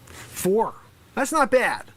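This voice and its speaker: Man doing an improv bit as a loud, bossy small-town basketball coach; high, bright voice, lots of asides. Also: very animated, very slow, full character voice. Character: brash male high school basketball coach. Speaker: improv comedian host. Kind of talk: improv comedy sketch.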